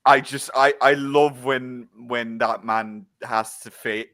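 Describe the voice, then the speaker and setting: An Irish man co-hosting a casual show review, talking in animated, rambling bursts full of restarts. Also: mid-range voice, slow, no echo. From Ireland. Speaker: co-host.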